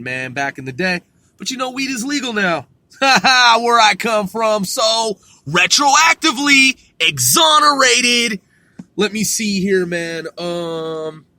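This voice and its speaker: Laid-back profane man, bright voice. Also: high voice, no room sound. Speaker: podcast host. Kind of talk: casual rambling monologue.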